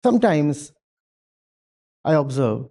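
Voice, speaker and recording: Addressing a university audience in a lecture hall, a male spiritual teacher delivers a talk that includes audience Q&A. His warm voice is on the high side and very animated, yet he speaks slowly. He's emphatic, leaning on repetition and rhetorical questions.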